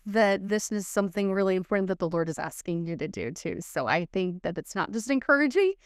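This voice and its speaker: A middle-aged woman sharing a personal faith testimony as a guest, telling it in an earnest, animated way with many "like"s. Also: medium pitch, a little fast, clean tone, no echo, studio quality.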